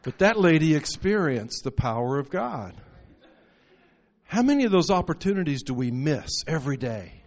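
Preacher, male, somewhat high-pitched, building to fervent peaks, heard through a muffled, lo-fi recording. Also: very animated, moderate pace, darkish tone. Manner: storytelling with rising, emphatic bursts. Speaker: pastor. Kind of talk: sermon.

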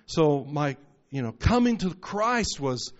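A man's voice: on the high side, very animated, slow. A man preaching a sermon, telling stories and rising into emphatic bursts. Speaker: pastor. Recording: muffled lo-fi recording.

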